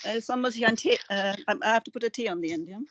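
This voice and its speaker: A woman's voice: a little high, fast talker, fairly bright tone, muffled recording. Hesitant female student, unsure, double-checking answers on a video call.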